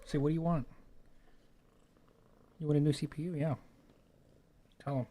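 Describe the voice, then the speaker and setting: A man with a warm, relaxed voice sits at home by his desk microphone, coaxing his cat in a casual cooing pet-talk manner. His coaxing is mixed with offhand muttered remarks. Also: a little high, moderate pace. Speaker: streamer talking to his cat.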